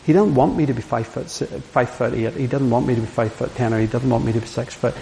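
A man's voice: medium pitch, fast talker, vocal fry, mellow. A middle-aged man giving an earnest, anecdotal sermon. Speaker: preacher. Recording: hissy hall with long reverb.

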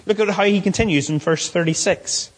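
A man preaching a sermon, repeating key phrases and stretching words out slowly for emphasis. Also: high-pitched, rough recording. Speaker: pastor.

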